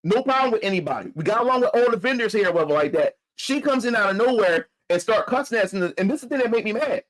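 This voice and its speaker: High-pitched philly dude ranting, cussing, repeating himself a lot. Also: male voice, lively intonation, fast, few pauses, fairly bright tone, poor audio. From Philadelphia. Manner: heated, profane, repeats himself. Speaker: vlogger. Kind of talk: casual storytelling rant.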